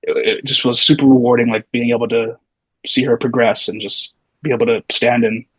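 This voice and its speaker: A man in his thirties tells stories in a relaxed, rambling way as a podcast guest. His voice has a slightly husky edge, and the recording is close and dry, with no room sound. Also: mid-range voice, brisk, no room sound, low-quality recording. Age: 30s. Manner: loose, meandering, full of hedging asides. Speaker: podcast guest, physical therapy student. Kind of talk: casual storytelling.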